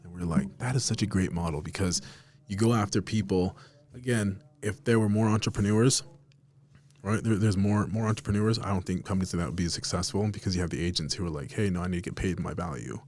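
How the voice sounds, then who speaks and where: A man's voice: deep voice, quick pace, a little mellow. A man hosting a casual podcast chat, blunt and emphatic, swearing often as he makes his points. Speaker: podcast host.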